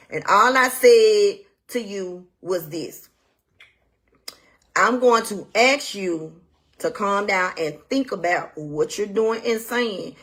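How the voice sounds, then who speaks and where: A woman giving a blunt, indignant account of a family dispute, retelling it emphatically and repeating what she said. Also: medium pitch. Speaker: widow telling her side of a family dispute. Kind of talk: direct-to-camera talk.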